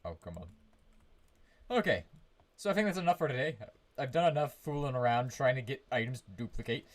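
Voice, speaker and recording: A streamer talks fast in a mid-range voice, casually commenting live on his game from his room. His commentary rambles, broken by humming to himself and frequent sentence restarts.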